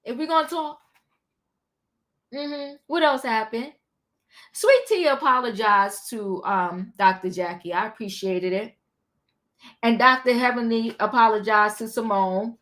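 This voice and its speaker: A woman hosting a livestream, recapping a reality show in sassy, animated casual chat. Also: fairly high pitch, unhurried, pauses often. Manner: animated, sassy, talks back to the people she recaps.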